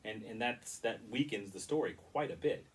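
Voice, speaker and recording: A man's voice: mid-range voice, normal speed, recorded from a distance, rough recording. A man giving a casual, rambling and critical movie review with frequent restarts.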